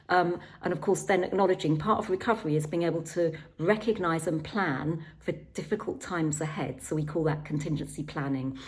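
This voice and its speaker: A middle-aged woman with a low, soft-set voice talks carers through a training exercise. She is calm and gentle and often pauses on an um or repeats a word before going on. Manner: calm, gentle, with frequent ums and repeated words. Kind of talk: instructional talk.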